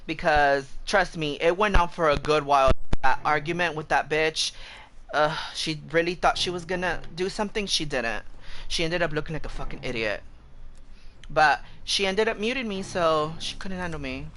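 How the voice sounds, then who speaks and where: A man's voice: on the high side, normal speed, slight background noise. A man live-streaming a shooter game, telling stories and trash-talking in brash, profane casual chat. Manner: animated storytelling.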